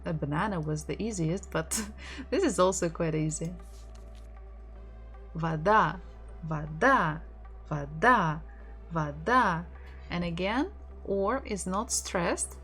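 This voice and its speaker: A woman with a Russian accent teaching an online language lesson, patiently repeating words slowly so learners can practice. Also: fairly low pitch, expressive, faint music behind. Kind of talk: online language lesson, slow drilled pronunciation.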